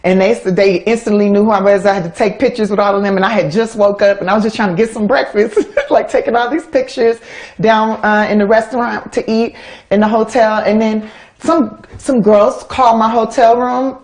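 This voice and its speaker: A woman in her thirties with an American accent, a guest in an interview, talking in a lively way and laughing often. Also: mid-range voice, brisk. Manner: animated, laughs often, acts out quoted voices. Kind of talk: casual interview talk.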